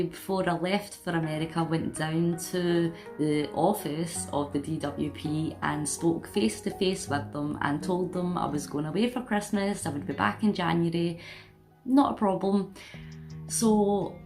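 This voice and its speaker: A Scottish woman vlogs to camera in a casual, animated storytelling manner. Her voice sits slightly low for a woman, and she tosses in incredulous asides. Faint music plays in the background. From Scotland. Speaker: vlogger.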